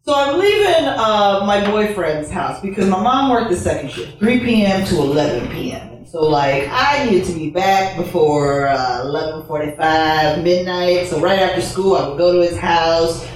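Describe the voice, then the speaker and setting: Animated and lowish-voiced, a storyteller from Chicago recounts a personal story on stage at a moderate pace with few pauses. She's blunt, profane and candid, laughing in asides, and sounds distant from the mic in a very echoey room.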